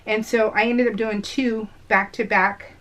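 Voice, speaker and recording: A woman's voice: on the high side, level tone, a little slow, fairly bright tone. Chatty rambling woman vlogger. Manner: rambling, lots of fillers, addresses viewers as "you guys"; laughs often while telling stories. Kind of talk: casual chatty voice-over.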